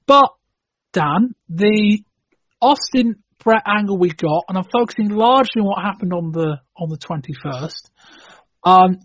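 A man hosting a casual podcast chat, talking in a relaxed, hesitant way with frequent restarts, on a dull lo-fi recording. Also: high-pitched, no echo. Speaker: podcast host. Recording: dull lo-fi dry sound.

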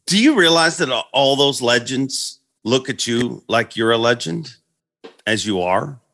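A man's voice: mid-range voice, animated, unhurried, vocal fry, a bit bright. A man interviewing a guest in a casual, admiring, conversational way. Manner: admiring, conversational, asks "you know what I mean?".

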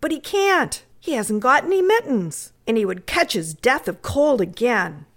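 A woman voicing a sharp-tongued, scowling aunt in a read-aloud story, scolding and fretful. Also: fairly high pitch, sing-song, a little slow, voice pushed up, heavily acted.

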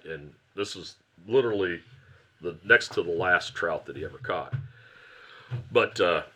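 Low-voiced man telling a fishing story. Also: pushed and bright, breathy edge. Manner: rambling storyteller, self-correcting. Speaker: guest, fly shop owner. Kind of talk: storytelling in a podcast interview.

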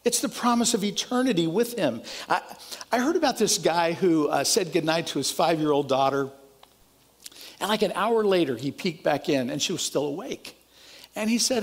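A man's voice: expressive, normal speed. A man preaching a sermon as pastor, earnest and conversational, often restarting his sentences. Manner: lowers voice to a soft, quiet prayer.

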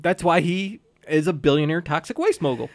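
A man co-hosting a podcast, chatting casually about a film and acting out scenes in quick bursts. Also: on the high side, expressive, no room sound, studio quality. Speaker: podcast co-host. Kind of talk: casual chat reviewing a film.

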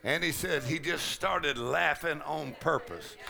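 A middle-aged man preaching a charismatic sermon, breaking into loud laughter and shouts. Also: on the high side, unhurried, creaky. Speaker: pastor. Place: large conference hall.

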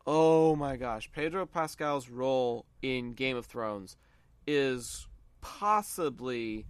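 A man's voice: medium pitch, fairly bright tone, clean tone, no echo. Southern guy on a podcast gushing about movies, keeps restarting sentences, dry close mic. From American South. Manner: rambling, enthusiastic, restarts phrases. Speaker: podcast co-host. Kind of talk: casual movie chat.

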